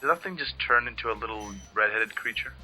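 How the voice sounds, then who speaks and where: Rambling man with a very bright voice. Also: mid-range voice, expressive, quick pace, faint music behind, low-quality recording. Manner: rambling, swearing, many restarts. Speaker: let's play co-host watching. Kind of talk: casual gaming chat.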